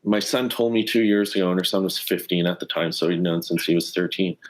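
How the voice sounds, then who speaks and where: A Canadian former hockey player in his thirties, telling a personal story in an interview in an earnest, animated way and acting out the dialogue. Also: deep voice, brisk. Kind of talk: conversational storytelling.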